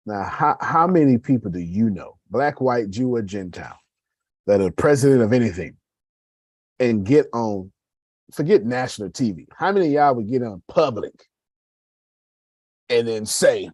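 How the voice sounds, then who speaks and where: A man's voice: medium pitch, lively intonation, moderate pace, long pauses, a little mellow, husky, no room sound. A man running a casual motivational talk about his business, speaking straight to listeners and rambling through his points. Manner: conversational, addresses listeners as y'all, rambling with restarts.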